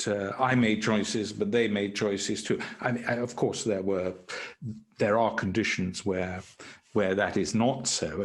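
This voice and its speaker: A British man, a former prison doctor and podcast guest, telling wry anecdotes in a measured way. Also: sits low. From Britain. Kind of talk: anecdotal conversation.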